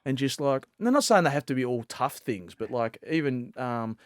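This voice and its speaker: Australian guy in his late thirties, mid-pitched, rambling anecdotes, close dry sound. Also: moderate pace, dry recording. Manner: rambling, full of fillers and restarts, animated when telling stories. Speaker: guest, professional fast bowler. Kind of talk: casual storytelling chat.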